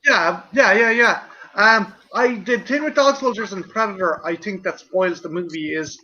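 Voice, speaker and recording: A man chatting casually as a co-host, excitable and swearing freely, tripping over restarts. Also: sits high, normal speed, lo-fi sound, a little hiss or hum. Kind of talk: casual chat.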